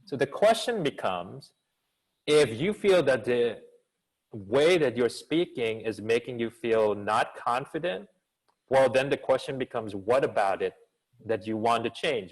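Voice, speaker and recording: A man of middle pitch answers questions over a video call, speaking as a communication coach. He talks with an actor's expressive energy and keeps asking rhetorical questions to draw his listeners in. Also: moderate pace, poor audio. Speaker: business school professor and communication coach. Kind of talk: answering questions in an online seminar.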